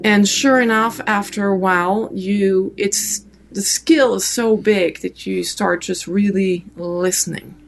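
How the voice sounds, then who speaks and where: A middle-aged woman from France with a French accent, a guest telling a story in a relaxed, animated way, with many restarts and fillers. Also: mid-range voice, slow pace, gravelly, slight background noise. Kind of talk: casual storytelling.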